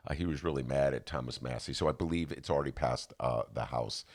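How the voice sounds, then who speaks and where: Deep gravelly man, chatty. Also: fast. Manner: rambling, self-deprecating, lots of restarts. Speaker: podcast host. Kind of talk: casual chat.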